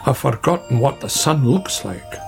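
A man voicing a gruff, grumbling male badger in a storybook reading. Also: mid-range voice, expressive, moderate pace, music in the background. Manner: grumbling, matter-of-fact.

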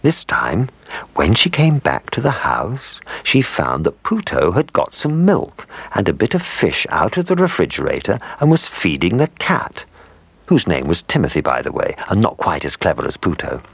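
A man's voice: deep voice, wildly swooping pitch, normal speed, creaky, breathy edge, no echo. A man reading a children's story aloud, playful, with asides to the listener.

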